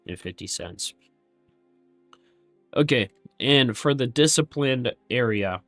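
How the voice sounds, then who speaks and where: A man's voice: medium pitch, animated, measured pace, long pauses, fairly bright tone, dry recording, soft background music. A man streaming his day trading live, thinking aloud through figures with candid self-criticism.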